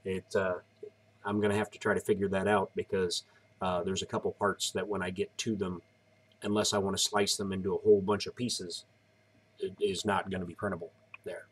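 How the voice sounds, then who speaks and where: A man's voice: sits low, brisk, slight background noise. Tired, rambling man. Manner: relaxed, rambling, explains step by step. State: tired, yawning. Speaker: live-streaming maker. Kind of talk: casual live-stream chat.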